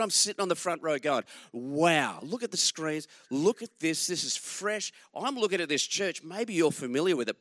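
An Australian man in his forties preaches a sermon, telling family stories in a chatty, animated way. His pitch sits a touch high and swings widely as he talks. The sound is dry and close, with no room echo. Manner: animated, conversational, chuckles through stories. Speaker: guest preacher. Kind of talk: sermon with personal storytelling.

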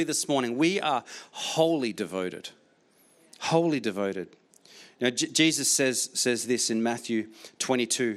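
A man's voice: fairly low pitch, fairly bright tone. A man preaching a sermon as pastor, repeating key phrases emphatically, with frequent restarts.

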